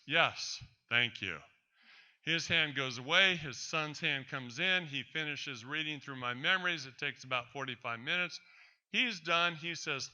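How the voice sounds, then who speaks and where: A man's voice: on the high side, measured pace, pushed and bright. A man presenting a talk, telling a personal story in an emphatic, defiant way to an audience. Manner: emphatic and defiant, addresses doubters directly.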